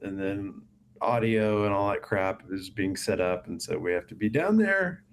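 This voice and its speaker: A man's voice: on the low side, animated, normal speed, a little hiss or hum. Congested man co-hosting a live stream. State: congested from a cold. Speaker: co-host of a live show. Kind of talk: casual live-stream chat.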